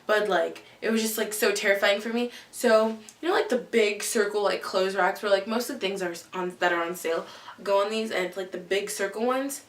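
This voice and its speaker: A woman's voice: mid-range voice, a little fast, distant mic. A girl in her late teens, vlogging casual stories to camera in a rambling way, full of "like" and "um". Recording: echoey room, mic set back.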